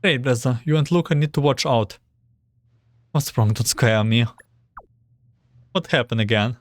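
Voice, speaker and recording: A man's voice: mid-range voice, a little slow. A man streaming a game, reading the dialogue aloud and reacting with anxious groans between lines.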